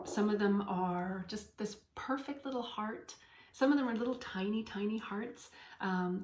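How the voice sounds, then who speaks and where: Earnest woman medium in an echoey room. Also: medium pitch. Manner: earnest, heartfelt, gently encouraging. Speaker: podcast host and spiritual medium. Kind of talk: inspirational spiritual talk.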